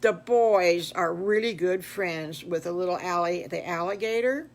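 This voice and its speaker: A woman's voice: fairly low pitch, measured pace. An older woman voicing a chatty, encouraging mother pig in a spoken children's story. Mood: cheerful.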